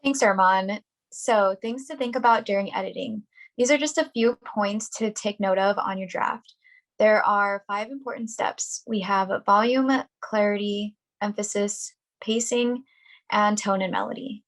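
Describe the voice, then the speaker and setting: Young woman, video call from home, prepared workshop presentation, clear and deliberate, mid pitch. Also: fairly even intonation, low-quality recording.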